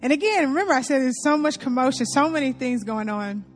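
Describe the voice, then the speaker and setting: A Louisiana woman tells an audience a funny story, laughing often and addressing them as y'all. Her voice is high and animated, her pace quick, with soft music playing in the background.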